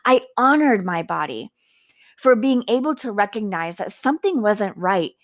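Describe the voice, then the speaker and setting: A woman in her thirties talks through a personal reflection on her podcast. Her delivery is earnest and faith-filled, and she slows down to lean into the words that matter most. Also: medium pitch, animated. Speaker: podcast host.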